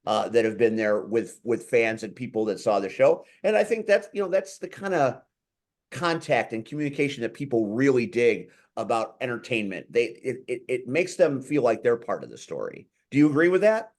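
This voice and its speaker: Male podcast host, enthusiastic rambler, lively intonation. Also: medium pitch. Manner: enthusiastic, rambling, quick to laugh. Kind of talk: casual chat.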